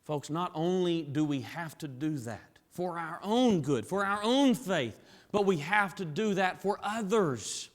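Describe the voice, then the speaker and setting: A man preaching a sermon in a church, dropping to hushed tones and building to raised, emphatic climaxes. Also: a little high, expressive, measured pace, hardly any pauses. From Southern US. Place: church sanctuary. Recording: long reverb of a large hall.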